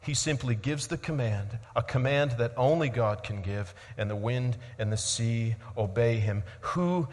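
A man's voice: medium pitch, measured pace, few pauses. Dynamic male preacher in a reverberant hall. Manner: dynamic preaching, swinging between loud emphasis and quiet reflection. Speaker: pastor. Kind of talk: sermon.

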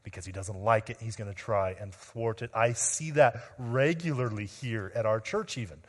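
A man preaching an expository sermon as pastor, earnest, addressing the men and women before him, often dropping quietly at the ends of phrases. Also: on the low side, normal speed. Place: church sanctuary. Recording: long reverb of a large room.

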